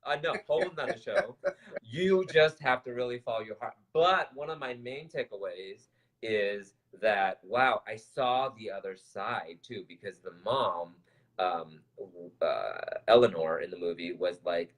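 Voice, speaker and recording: Low-voiced man telling a rambling story. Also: unhurried, rough recording. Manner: animated storyteller, rambling with fillers and laughs. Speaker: co-host. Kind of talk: casual chat.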